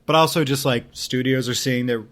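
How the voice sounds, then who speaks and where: A man's voice: medium pitch, steady tone, brisk, fairly bright tone. A man talking casually as a podcast guest, rambling and hedging, with lots of "like". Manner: rambling, heavy with "like" and hedges. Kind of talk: casual chat.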